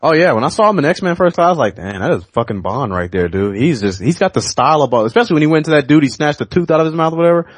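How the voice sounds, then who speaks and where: A man co-hosting a podcast, talking in casual, profane, animated chat and laughing often. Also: a little high, racing, few pauses, no room sound. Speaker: podcast co-host.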